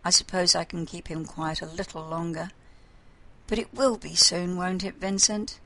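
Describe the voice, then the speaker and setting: A woman's voice: fairly low pitch, steady tone, normal speed, bright, forceful tone, rough recording. A woman voicing a spirited teenage girl who is eager, a bit demanding and slightly dramatic. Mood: pleading.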